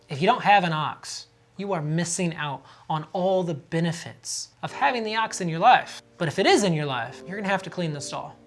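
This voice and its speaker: Earnest father giving parenting advice. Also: high voice. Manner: steady, earnest, acts out short quoted phrases. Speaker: parenting channel host, father of daughters. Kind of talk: earnest advice talk to camera.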